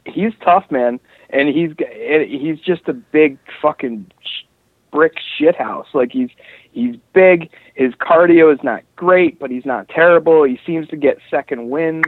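A man hosting a casual chat about fights, animated and profane, rambling through asides. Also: fairly high pitch, a little slow, no room sound. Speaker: podcast host. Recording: tinny phone-like dry sound.

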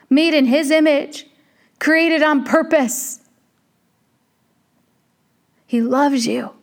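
A woman preaching a sermon, speaking earnestly to the listener as a friend and repeating her points. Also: high-pitched.

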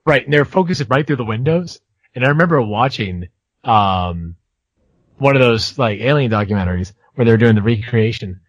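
A man's voice: medium pitch, animated, a little fast, dry recording, dull audio. A young man co-hosting a casual podcast, telling a story hesitantly, with many ums and restarts and a self-mocking tone. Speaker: podcast co-host.

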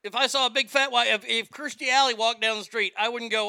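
A man's voice: very high voice, little pitch movement, fast talker, gravelly, few pauses, pushed and bright, smooth, no echo. A man ranting in a sarcastic, indignant, profane commentary, recorded on a close mic. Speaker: social media commentator.

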